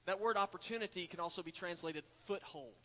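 A pastor gives a sermon in a high-pitched, brisk, slightly bright voice, recorded with church hall reverb. He shares a folksy story and talks to his listeners as "y'all."

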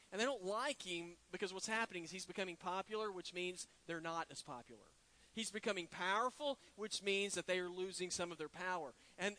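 Male pastor, high bright voice, lilt, dramatic preaching with sudden hushed drops. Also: rough recording. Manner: preaching with dramatic drops to a hush and slow emphatic words. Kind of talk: sermon.

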